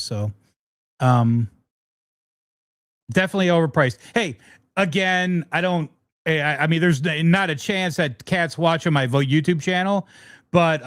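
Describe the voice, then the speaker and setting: A middle-aged man hosts a casual guitar livestream, answering viewers in a frank, rambling way with lots of restarts. His voice is fairly high, and the recording is dry.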